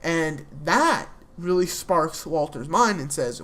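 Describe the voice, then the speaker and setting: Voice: medium pitch, animated, takes it slowly, fairly bright tone. A young adult speaker recapping a TV episode in a casual, rambling way, full of fillers and restarts. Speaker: TV episode reviewer.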